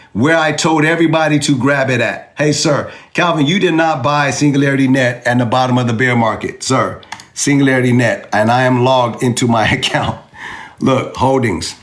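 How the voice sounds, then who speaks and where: Male vlog host, average pitch, emphatic and needling, speaks directly to the viewer. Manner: emphatic, repetitive, taunting; addresses a commenter directly. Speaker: crypto video host. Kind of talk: animated direct-to-camera rebuttal.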